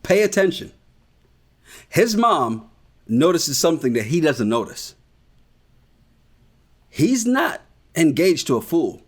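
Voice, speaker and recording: A man's voice: on the high side, slow, long pauses. A man hosting a podcast and recapping a reality show in a casual chat, ranting and swearing. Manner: animated, ranting, profane. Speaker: podcast host.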